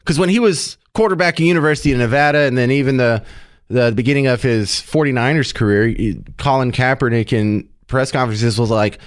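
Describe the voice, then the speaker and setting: A man's voice: mid-range voice, fairly quick, smooth, no echo. A man hosting a talk radio show in a studio, chatting in an opinionated, joking way. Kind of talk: casual talk radio chat. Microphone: studio microphone.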